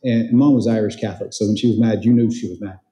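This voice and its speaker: Speaking quickly in a fairly low, steady, mellow voice, a man who trains people in real estate gives a motivational talk at a conference. He converses with the audience, asks them questions, and tells stories as the big event hall echoes around him.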